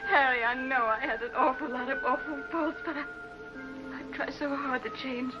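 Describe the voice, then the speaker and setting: A woman's voice: high-pitched, steady tone, moderate pace, over loud music, close to an everyday voice. An actress playing a lonely, distraught woman who stammers and pleads tearfully on the telephone with her ex-lover. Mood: desperate. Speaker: actress in a TV drama. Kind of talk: 1950s TV drama acting. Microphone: telephone in hand. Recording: dull 1950s TV soundtrack with score.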